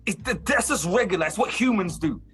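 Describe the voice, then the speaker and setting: A man's voice: high voice, lively intonation, brisk, very noisy. A male host in casual chat, reacting with slangy enthusiasm and cracking jokes.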